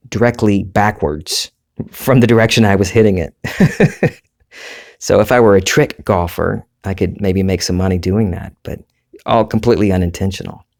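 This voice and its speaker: A man with a Southern US accent, hosting a solo podcast and talking in a relaxed, rambling, conversational way. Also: lowish voice. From Southern United States. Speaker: podcast host. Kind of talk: reflective solo podcast monologue.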